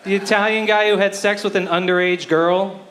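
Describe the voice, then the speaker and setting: A man doing a stand-up comedy set on a club stage, telling deadpan one-liners and self-deprecating jokes into a handheld mic. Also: high voice, moderate pace, slight background noise.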